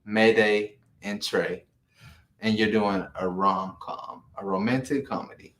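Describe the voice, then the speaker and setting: A man's voice: lowish voice, fairly even intonation, measured pace, a bit bright. A male talk-show host in casual chat, enthusiastic and encouraging toward his guest. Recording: echoey room.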